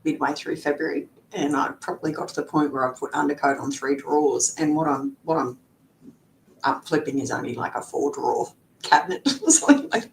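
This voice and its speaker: A woman's voice: fairly even intonation, brisk, rough recording. A middle-aged woman, a lawyer guest in a casual interview, talking chattily with frequent fillers and laughs. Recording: faint background rumble.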